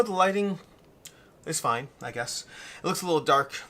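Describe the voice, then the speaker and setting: A man's voice: on the high side, animated, moderate pace, pushed and bright. A man hosting a weekly live Q&A stream, reading viewer comments and thinking aloud in a rambling way, a little out of breath.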